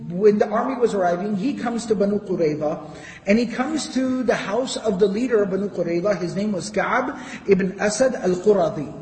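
Here a man with a high-pitched, darkish voice gives an Islamic storytelling lecture about history. He reads passages in Arabic, follows each with a translation, and his words echo around the hall.

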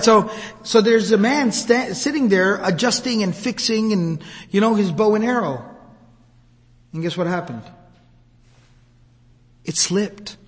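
A man retelling an old account as a religious teacher, in a casual, vivid, conversational lecture style. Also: sits high. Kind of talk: storytelling lecture. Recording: long hall reverb.

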